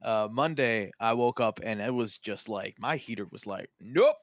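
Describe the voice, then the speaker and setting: A man's voice: lowish voice, normal speed, fairly bright tone, no room sound, clean studio sound. A man co-hosting a casual live-stream show, rambling through his story with many fillers. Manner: rambling, lots of fillers and restarts. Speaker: co-host.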